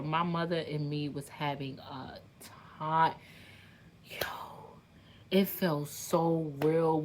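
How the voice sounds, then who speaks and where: A woman speaking in in an emotional vlog, venting straight to her viewers, animated and swearing freely. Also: deep voice. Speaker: content creator venting to viewers.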